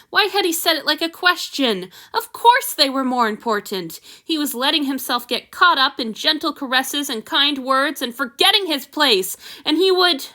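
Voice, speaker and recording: Bright high-voiced woman reading a story. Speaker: fanfiction reader. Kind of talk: storybook narration.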